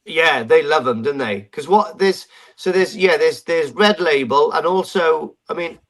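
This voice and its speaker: A man's voice: fairly high pitch, unhurried, a bit bright. An English man hosting a casual live chat, rambling with restarts.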